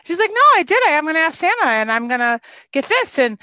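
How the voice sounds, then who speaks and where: A young adult woman, a former youth minister, telling stories in casual chat, animated and laughing often as she acts out quotes. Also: high-pitched, fast, dry recording.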